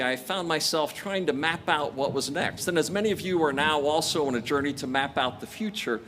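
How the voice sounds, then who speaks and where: An older man in his sixties delivers a commencement address at a large graduation ceremony. His voice sits a little high for a man, and he tells stories with self-deprecating jokes. A faint hum of ambient noise runs underneath. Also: fairly bright tone. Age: 60s. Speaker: commencement speaker.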